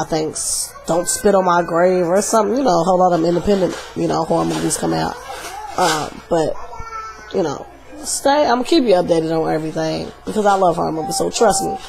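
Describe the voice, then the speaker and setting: Animated, slangy woman reviewing a movie. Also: fairly low pitch, moderate pace, gravelly, background noise. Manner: animated, slangy, chatty retelling. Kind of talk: casual video review.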